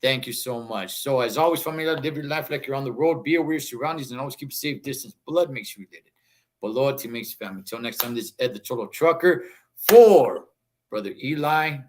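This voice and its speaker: A man's voice: medium pitch, quick pace. Casual enthusiastic male show host. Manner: casual, enthusiastic, mixes in Spanish words. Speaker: podcast host.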